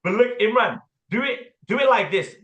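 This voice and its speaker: Bright high-voiced English sales coach. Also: male voice, normal speed, reverberant. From England. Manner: blunt, animated, casual slang and swearing. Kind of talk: sales training talk with role-play.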